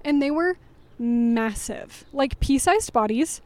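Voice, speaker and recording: A woman co-hosting a casual chat, telling an animated, dramatic story with frequent laughter. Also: sits high, slow.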